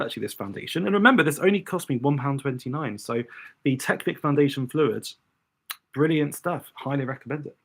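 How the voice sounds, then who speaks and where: Gravelly man chatting live. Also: on the high side, lively intonation, fairly quick, a little hiss or hum. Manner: chatty, thinking aloud and talking to viewers. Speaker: drag queen doing makeup on a livestream. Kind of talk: casual livestream chat while doing makeup.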